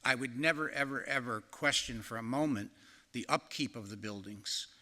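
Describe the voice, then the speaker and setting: A man addresses a community forum in an earnest, halting way, restarting his sentences as he goes. His voice is very bright and crisp, with a middling pitch. A long reverb from the meeting hall trails behind his words. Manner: earnest, halting with repeated starts. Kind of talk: speech at a public forum.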